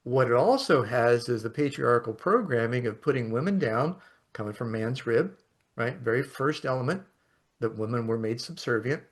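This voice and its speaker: A man hosting a podcast, telling stories in a casual, animated way and laughing often. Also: medium pitch, moderate pace. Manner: animated storyteller, acts out quotes, laughs often. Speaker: podcast host. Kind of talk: casual conversation, storytelling.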